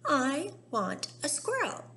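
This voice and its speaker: A woman voicing a spoiled, demanding rich girl who whines and shouts her demands in a storybook reading. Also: mid-range voice, fairly even intonation, unhurried, whispered, natural voice.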